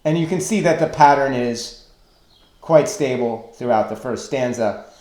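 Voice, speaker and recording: A man teaching a recorded online lesson on poetic meter, slow and deliberate as he counts out stresses and feet. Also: medium pitch, a little mellow. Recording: echoey room.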